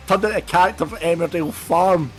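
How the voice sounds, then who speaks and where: Hoarse Scottish man hosting a podcast. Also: fairly high pitch, fast, fairly bright tone, soft background music. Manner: chatty, jokey, rambling. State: hoarse, voice nearly gone. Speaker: podcast host. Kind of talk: casual podcast chat.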